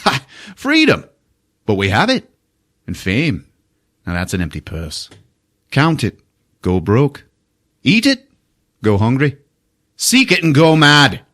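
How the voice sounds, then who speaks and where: A man voicing a boisterous, defiant bandit leader with a loud, mocking, theatrical delivery. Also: medium pitch, huge pitch swings, slow pace, long pauses, pitched above the performer's own voice, exaggerated voice. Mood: scornful.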